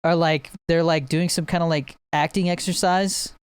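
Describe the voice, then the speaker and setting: A man's voice: a little high, fairly even intonation, normal speed, clean tone, dry recording. A young man chatting casually on a podcast, rambling about movies with lots of laughs and playful impressions. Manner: rambling, laughs a lot, mimics movie scenes. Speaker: podcast co-host. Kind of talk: casual chat between friends.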